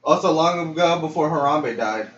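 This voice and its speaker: Pria bersemangat, agak jauh dari mik. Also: male voice, on the high side, normal speed. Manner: excitable, jokey interjections. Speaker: podcast co-host. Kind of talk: casual chat. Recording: roomy, distant, lo-fi audio with faint hiss.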